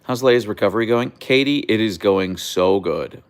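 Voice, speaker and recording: Hosting a relaxed livestream on an outdoor deck, a young man with a gravelly, animated voice chats at normal speed, reading viewer comments aloud and switching to a high coo for his dogs. The recording is dry.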